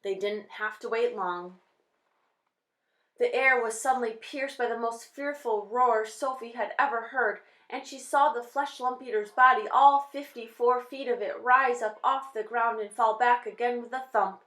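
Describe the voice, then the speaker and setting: A woman reading a children's novel aloud with steady, expressive storytelling. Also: on the high side, measured pace. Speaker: reader. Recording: roomy echo.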